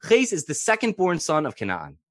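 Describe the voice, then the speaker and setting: Guy teaching bible class, super animated, acts it all out, dry sound. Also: on the high side, brisk, no echo. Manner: theatrical, questioning, acts out quotes. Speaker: Torah teacher.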